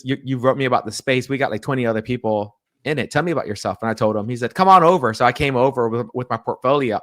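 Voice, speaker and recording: A man telling a personal story in an interview, lively, acting out the people in it and often restarting his sentences. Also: mid-range voice, dry recording, clean studio sound. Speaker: pastor, interview guest.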